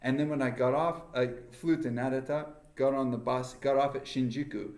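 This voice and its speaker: A man's voice: medium pitch, fairly even intonation, moderate pace, darkish tone. Man, Canadian accent, podcast co-host, rambling storyteller, roomy echo. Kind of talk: casual chat. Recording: echoey room.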